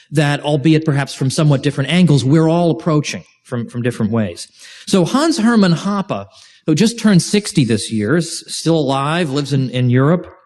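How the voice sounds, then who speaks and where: A man's voice: a little high, darkish tone. A man giving an informal lecture to a class as host, speaking with animation, making joking asides and often restarting his sentences. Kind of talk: informal university-style lecture. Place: lecture room with a live class.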